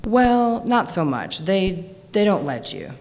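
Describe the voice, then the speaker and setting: A woman voicing a dreamy young boy, talking in earnest, halting phrases, with long reverb on the recording. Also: medium pitch, big pitch swings, darkish tone, a little hiss or hum. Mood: wistful.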